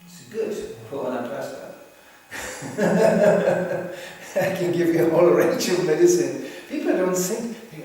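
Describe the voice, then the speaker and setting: A man giving an informal religious talk, animated and laughing often as he acts out the voices in his stories. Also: fairly high pitch, unhurried. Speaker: spiritual teacher. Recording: echoey hall, distant mic, faint hiss.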